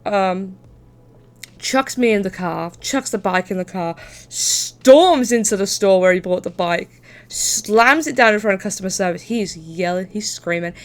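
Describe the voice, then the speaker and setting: A young woman streamer spinning a story in loose, chatty talk. She curses casually and often laughs between sentences. Her voice sits in a middle pitch for a woman. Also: measured pace.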